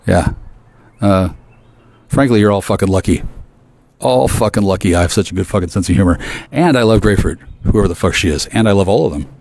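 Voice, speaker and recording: Low-voiced man on a profane, stammering rant. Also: lively intonation, a little fast, creaky, a little mellow. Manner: profane, aggressive, stammering restarts. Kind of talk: rambling profane rant to camera.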